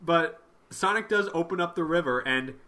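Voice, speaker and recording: Bright animated male podcast host. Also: a little high, normal speed. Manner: animated, acts out characters' lines with profanity. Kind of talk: casual comic book recap chat.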